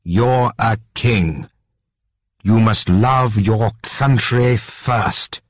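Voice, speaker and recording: A man reading an audiobook, voicing a stern, commanding old queen with slow, emphatic speech. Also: on the low side, no echo, pitched above the performer's own voice.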